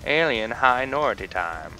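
A man's voice: mid-range voice, big pitch swings, moderate pace, bright, forceful tone. A young man giving casual gameplay commentary, goofing around and trash-talking game characters. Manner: goofy, playful trash talk to game characters. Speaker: let's play gamer. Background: game music and gunfire.

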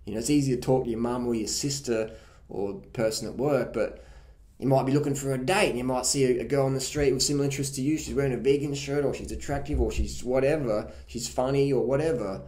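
A man talks in a loose, blunt, profane way, jumping into quick impressions as he tells his stories. His voice sits at an ordinary male pitch. The room rings with a noticeable echo. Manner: blunt, profane, animated storytelling. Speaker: vlogger. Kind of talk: casual advice monologue. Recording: roomy echo.

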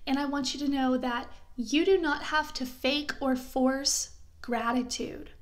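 Young woman vlogging, high voice, soft and comforting, kinda emotional. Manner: gentle, reassuring, emotional. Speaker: lifestyle vlogger. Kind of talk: heartfelt talk to camera.

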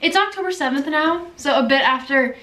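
Young woman vlogger, bright slightly high voice, bubbly and slangy; roomy home sound with faint background hiss. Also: a little fast, recorded from a distance. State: out of breath. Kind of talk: casual vlog chat. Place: house and basement, indoors. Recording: roomy home audio with faint ambient noise.

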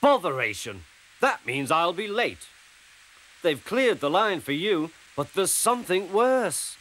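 A man's voice: high voice, very animated, unhurried, a bit bright, voice pushed up, full character voice, rough recording. A man voicing a cheeky, impatient male tank engine with a bossy manner.

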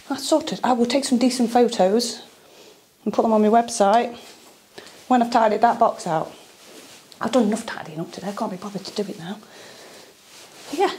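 A woman's voice: fairly high pitch, normal speed, pauses often, noisy background. A middle-aged woman chatting casually as a dog groomer, rambling and homely about her DIY project. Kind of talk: casual DIY vlog chat.

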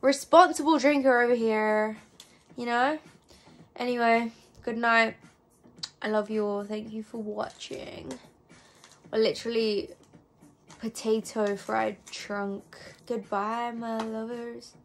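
A young woman talks her way through a makeup session while clearly drunk. Her voice sits a little high and wanders in a loose, rambling way, full of casual swearing. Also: fairly even intonation, takes it slowly, pauses often. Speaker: vlogger.

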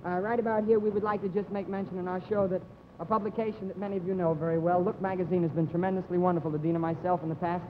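A young man hosting a live comedy TV show, delivering announcements in a mock-earnest pitchman manner. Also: little pitch movement, very fast, big-room sound, a little hiss or hum. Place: TV studio stage before an audience. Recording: dull 1950s TV broadcast with loud studio audience.

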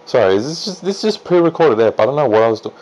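Lively self-deprecating male gamer. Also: rapid-fire, poor audio. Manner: chatty, self-deprecating, jumps into excited high yelps. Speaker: let's play gamer. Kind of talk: casual gameplay commentary.

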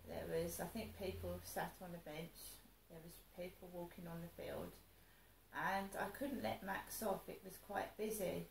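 A woman's voice: on the low side, steady tone, unhurried, vocal fry, roomy sound, slight background noise, low-quality recording. A woman telling a rambling personal story, upset and venting, with frequent restarts. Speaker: vlogger.

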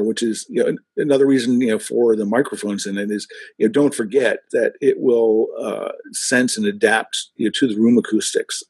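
Man, guest, lowish husky voice, halting, filler-heavy, dry close mic. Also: no echo. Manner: halting, heavy use of "you know" and "uh" fillers. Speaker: podcast guest. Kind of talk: casual tech discussion.

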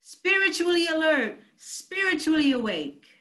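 A woman's voice: high-pitched, sing-song, unhurried, fairly bright tone, low-quality recording. A woman pastor preaching a sermon, emphatic and calling out to her congregation. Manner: emphatic preaching, calls out to the church.

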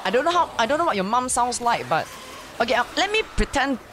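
Earnest man, late thirties, Asian-accented English, halting delivery, noisy voice chat. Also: very high-pitched, sing-song. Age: 30s. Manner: earnest, halting, restarts often. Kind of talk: casual chat between gamers.

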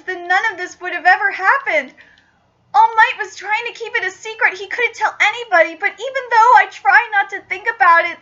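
A brash, bitter teenage boy hero from a manga, read aloud by a woman. The voice is high and bright and the delivery is self-reproaching, on a dull lo-fi recording.

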